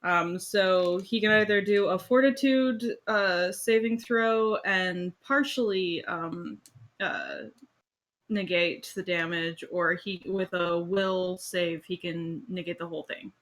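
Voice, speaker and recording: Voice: mid-range voice, fairly even intonation, fairly bright tone. A player in a tabletop game asking about range and explaining a spell in a hesitant way. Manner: slow, hesitant, many fillers.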